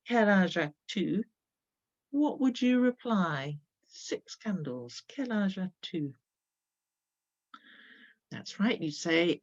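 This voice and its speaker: Female teacher, lowish creaky voice, lively and encouraging, dull lo-fi recording. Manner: patient, encouraging, models phrases slowly. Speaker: primary school teacher. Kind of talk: recorded remote lesson.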